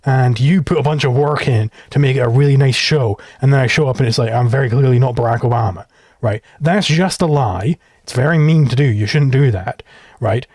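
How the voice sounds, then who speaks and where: A man hosting a live stream, arguing his case quickly, with frequent restarts and laughter. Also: mid-range voice, a little mellow, dry recording, studio quality. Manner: quick, argumentative, laughs often, stumbles into restarts. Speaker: host.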